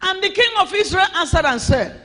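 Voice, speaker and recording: Pastor, male, high lively voice, slow bright preaching, long hall echo. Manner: preaching, rising to shouts. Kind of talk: sermon.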